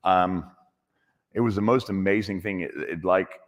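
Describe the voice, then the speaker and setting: In an echoey hall, a low-voiced male chef answers audience questions, speaking a little slowly. His talk is casual and animated, jokey and encouraging, and he restarts his sentences now and then.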